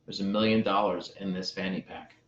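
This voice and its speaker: A man's voice: sits low, fairly even intonation, fairly quick, a bit bright. A man voicing an unhappy, out-of-shape wealthy man in a told parable, in a roomy, slightly dull recording. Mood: troubled.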